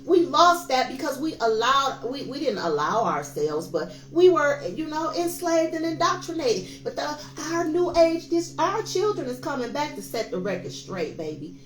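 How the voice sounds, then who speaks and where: Woman in her fifties, tarot reader, preachy and emphatic, high voice, echoey room with soft music behind. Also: big pitch swings, normal speed, hardly any pauses, slight background noise. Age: 50s. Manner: emphatic, preachy, addresses viewers as y'all. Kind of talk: casual tarot reading monologue.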